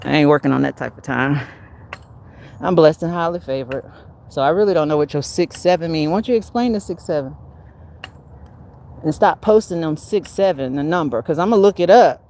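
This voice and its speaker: A woman hosting her own livestream, talking casually and preachily about spiritual warfare, laughing often and swinging from loud bursts down to low mutters. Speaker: livestream host.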